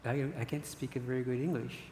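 A man's voice: medium pitch, background noise, pitched above the performer's own voice, natural voice. A man putting on an older father. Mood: earnest, amazed. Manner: halting broken English, excited exclamations. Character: older Spanish-speaking father, gruff but earnest. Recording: echoey hall recording.

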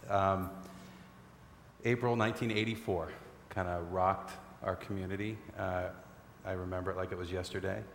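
A man interviewing a guest in a church, guiding the talk with calm, measured questions. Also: low-pitched, a little hiss or hum. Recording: echoey hall recording.

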